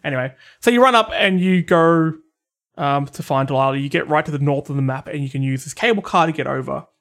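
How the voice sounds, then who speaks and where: Teasing Australian podcast host. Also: male voice, on the high side, fast talker, a bit bright. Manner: teasing, jokey questions. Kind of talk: casual podcast chat.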